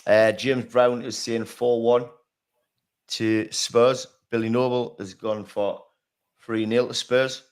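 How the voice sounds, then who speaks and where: A man's voice: mid-range voice, level tone, takes it slowly. A man hosting a casual football chat, laughing often and swearing freely as he reads out predictions. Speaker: podcast host.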